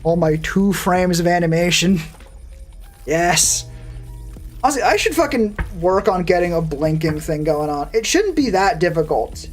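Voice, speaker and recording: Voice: medium pitch, lively intonation, a little slow, faint music behind. A VTuber streamer chatting casually with a live audience and answering chat, with a sardonic, profane, rambling manner.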